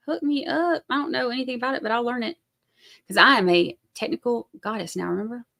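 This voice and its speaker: A woman's voice: on the high side, animated, brisk, vocal fry, sharp tone. A woman with a Southern US accent hosting a casual livestream, rambling and chatty as she reads out viewer comments. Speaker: livestream host.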